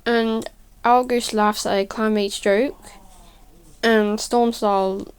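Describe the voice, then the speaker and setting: A woman narrates her speedpaint in a relaxed, tired way, with a smooth and clear voice. She speaks slowly and haltingly, with frequent stutters. She often breaks off to correct herself. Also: fairly high pitch. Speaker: video creator narrating a speedpaint. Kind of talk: casual voice-over storytelling.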